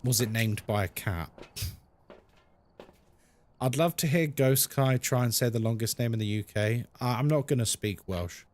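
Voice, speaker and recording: A man's voice: medium pitch, normal speed, long pauses, a little mellow. A man streaming a game, chatting playfully and reading chat messages aloud. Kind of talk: casual live-stream chat.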